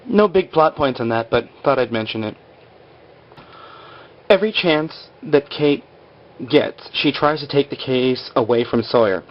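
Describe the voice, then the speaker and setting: A man's voice: medium pitch, animated, unhurried, long pauses, dull audio. Chatty man rambling through a recap. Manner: chatty, rambling, full of "like" and acted quotes. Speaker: episode recapper. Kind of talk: casual TV episode recap over stick-figure drawings.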